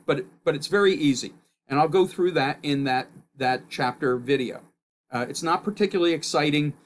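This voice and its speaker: A man teaching a recorded physics course in a loud, emphatic explaining voice, his pitch jumping up on key points. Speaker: physics instructor.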